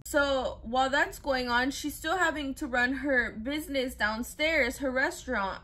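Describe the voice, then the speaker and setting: Bright, high-voiced young woman storyteller. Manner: chatty, filler-heavy, acts out quotes loosely. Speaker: true crime storyteller. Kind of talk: casual retelling of a true crime story.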